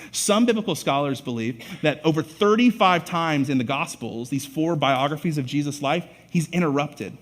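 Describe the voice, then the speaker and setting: Animated preaching man, slightly high voice. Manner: animated storytelling, acts out voices with bursts of loud emphasis. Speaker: pastor. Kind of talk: sermon. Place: church sanctuary.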